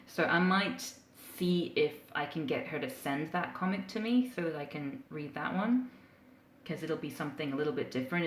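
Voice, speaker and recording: A woman's voice: on the low side, roomy sound, slight background noise. A woman live streamer chatting casually with her viewers, playful and giggly as she reacts to their comments. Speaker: live streamer reading comics.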